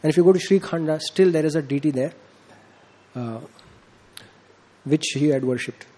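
A man's voice: normal speed, warm tone. Man telling a devotional story. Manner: acts out quoted dialogue with rising pitch, frequent fillers. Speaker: speaker giving a devotional talk. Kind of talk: informal sermon storytelling.

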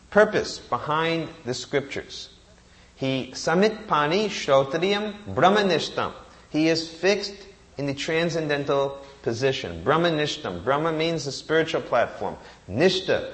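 Man preaching with rhetorical questions. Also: fairly high pitch. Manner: asks rhetorical questions and answers them; recites Sanskrit verses. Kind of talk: sermon.

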